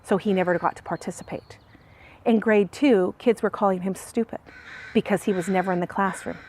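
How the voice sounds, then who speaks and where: A woman's voice: mid-range voice, fairly even intonation, brisk, a little mellow. A mother being interviewed for a documentary, talking through her son's schooling and getting emotional as she recalls it. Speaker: parent of a student.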